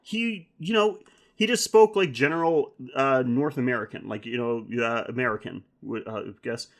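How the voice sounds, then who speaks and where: A man's voice: medium pitch, normal speed. A man co-hosting a horror film podcast in casual chat, rambling, swearing and laughing often. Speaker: podcast co-host.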